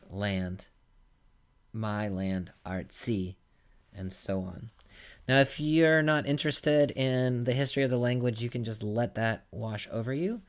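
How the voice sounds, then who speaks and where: In a recorded lecture, a man teaches grammar in an unhurried voice pitched in an ordinary middle range. He is patient and explanatory, stepping through one example after another.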